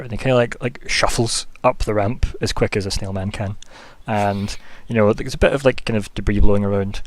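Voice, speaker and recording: A man's voice: fairly low pitch, fairly even intonation, brisk, hardly any pauses. A man narrating a tabletop game as game master, rambling casually with plenty of fillers. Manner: rambling, loose, full of fillers like "kinda" and "like".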